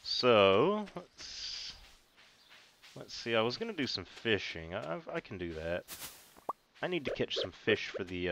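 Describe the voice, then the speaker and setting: A man's voice: lowish voice, background noise. A man giving casual, joking and self-mocking commentary while playing a video game. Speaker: gaming video host.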